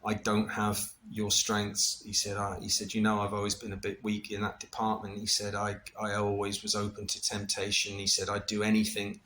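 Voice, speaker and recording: A middle-aged man casually recounting a personal experience, animated and full of restarts, with laughter and the odd swear. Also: lowish voice, normal speed, hardly any pauses, a little hiss or hum. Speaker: vlogger recounting a ceremony experience.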